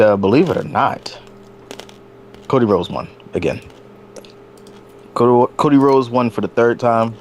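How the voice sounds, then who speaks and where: A man's voice: fairly low pitch, darkish tone, slight background noise. A man hosting a casual, comedic wrestling podcast, hyping up his co-hosts with jokes. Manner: joking, hype-man introductions. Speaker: podcast host.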